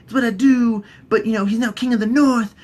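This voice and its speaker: A man's voice: very high-pitched, fairly even intonation, brisk, darkish tone, voice pushed up. A man voicing a confident sorceress, matter-of-fact and persuasive.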